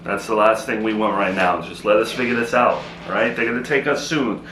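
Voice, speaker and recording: A man acting in a comedy sketch, exasperated and quick to argue back. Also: on the low side, bright, forceful tone, echoey room, a little hiss or hum, poor audio.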